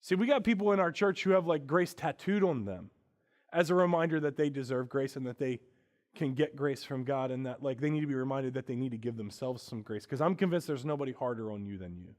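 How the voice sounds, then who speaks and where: A male pastor giving a conversational sermon, swinging between hushed, quiet moments and emphatic, raised passages. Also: medium pitch, lively intonation, a little fast.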